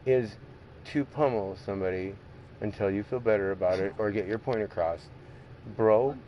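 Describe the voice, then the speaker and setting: A man's voice: lowish voice, a little fast, muffled recording, slight background noise. Profane, rambling man streaming a racing game. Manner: rambling, heavily profane, laughs often. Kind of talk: casual gaming stream chat.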